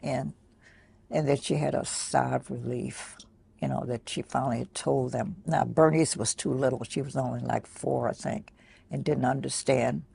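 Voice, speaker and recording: An older woman quietly recounting a personal memory in a soft, halting way with many pauses. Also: extremely low pitch, steady tone, creaky, husky. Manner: soft-spoken, pausing, many fillers. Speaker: interviewee. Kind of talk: personal recollection.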